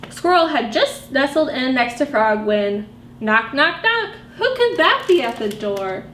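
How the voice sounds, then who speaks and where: A woman librarian reading picture books aloud to young children, animated and sing-song, asking them questions as she goes. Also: high voice, unhurried. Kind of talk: storytime read-aloud for children. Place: library room. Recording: echoey room with faint background noise.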